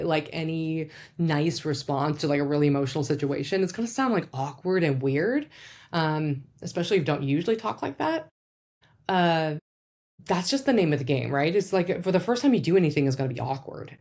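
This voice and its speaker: A woman's voice: low voice, darkish tone. A woman psychologist explaining in a casual, conversational way, often filling with "like" and asking "right?". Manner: conversational, many "like" and "right?" fillers.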